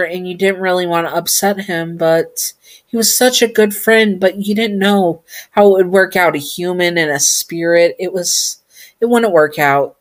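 A woman's voice: fairly low pitch, steady tone, a little slow. Chatty woman reading a fan story. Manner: chatty, giggly, talks to herself.

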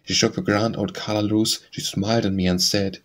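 A man reciting poems for an audiobook in a steady, measured reading style. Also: lowish voice. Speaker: audiobook reader. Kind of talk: poetry recitation.

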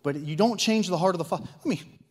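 A Midwestern American man preaching in a church sanctuary, his fairly high voice ringing with a long hall reverb. He jumps from fiery, emphatic bursts to quiet confiding asides and keeps pressing the congregation with rhetorical questions. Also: fast. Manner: swings between loud zealous outbursts and hushed asides; rhetorical questions, repetitions and acted-out quotes. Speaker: lay preacher. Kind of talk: sermon.

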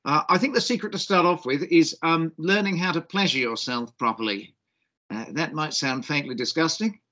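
Cheeky middle-aged doctor with faint Australian twang. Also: male voice, on the high side, normal speed, sharp tone. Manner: cheeky, jokey, self-deprecating. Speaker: keynote speaker, doctor. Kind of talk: conference keynote on video call. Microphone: video call.

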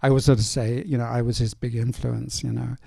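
An older male film director in a casual stage Q&A, telling anecdotes in a relaxed way with many fillers. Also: mid-range voice, fast talker, gravelly, husky, no room sound. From North East England. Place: cinema auditorium.

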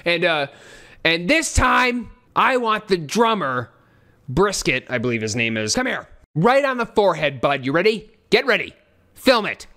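A man's voice: sits high, very animated, normal speed, pushed and bright. A man hosting a casual music reaction, joking around with profane, goofy asides. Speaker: music reaction channel host.

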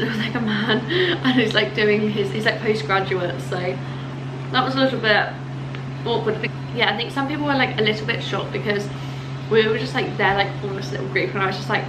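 A young woman vlogging in a casual, excitable way, chatting to a handheld camera and full of "like" and "literally". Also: a little high, brisk. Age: young adult. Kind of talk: casual vlog chat to camera. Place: on the move, outdoors and in student rooms. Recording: noisy handheld vlog audio.

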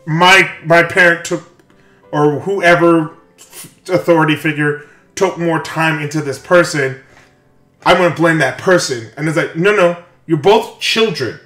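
A man giving rambling, animated let's-play commentary while reading a game aloud. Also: a little high, measured pace. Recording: echoey room, faint music.

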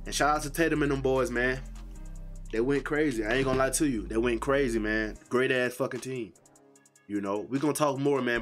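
A man hosting a reaction video, talking casually and profanely, swinging between loud high outbursts and low muttering.

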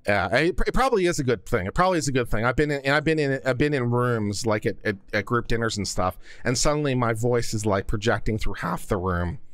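A man hosting a law commentary live stream, chatting with viewers and answering their questions. He is a self-described geek who rambles cheerfully and grows louder as he gets excited. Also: mid-range voice, brisk, few pauses, dry recording. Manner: gets loud and projects when excited.

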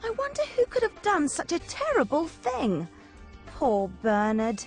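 A cheerful, lively flatmate. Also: female voice, high-pitched, a little slow, faint music behind, heavily acted. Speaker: sitcom character, narrator of her day. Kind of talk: scripted sitcom acting for English learners.

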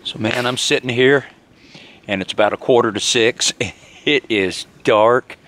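A man's voice: mid-range voice, steady tone, moderate pace, a bit bright, a little hiss or hum. A man chatting cheerfully to the camera while camping in snowy woods. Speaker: outdoor vlogger. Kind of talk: casual narration to camera. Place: snowy woods campsite outdoors.

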